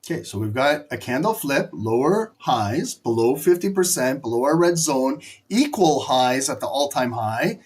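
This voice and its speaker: A man hosting a live trading stream, giving excitable, profane, joking play-by-play commentary as the price moves. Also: mid-range voice, moderate pace, hardly any pauses, slightly rough.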